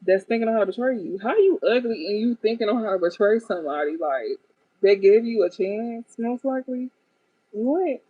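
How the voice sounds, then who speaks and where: A woman talks her viewers through a casual tarot reading, blunt and full of swearing, often laughing at what the cards show. Her voice sits in a middle pitch. The sound is thin and phone-like, with no room echo. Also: expressive, brisk. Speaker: tarot card reader. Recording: tinny phone-like dry sound.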